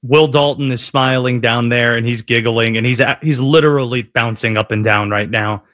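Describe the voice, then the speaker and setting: A man's voice: medium pitch, normal speed, no echo, studio quality. A man hosting a sports radio show, chatting casually and joking at his own expense. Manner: jokey, self-deprecating, animated.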